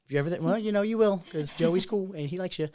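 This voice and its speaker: A man's voice: high voice, quick pace, darkish tone. A young man hosting a casual bar chat podcast, rambling and chatty with lots of fillers. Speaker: podcast host.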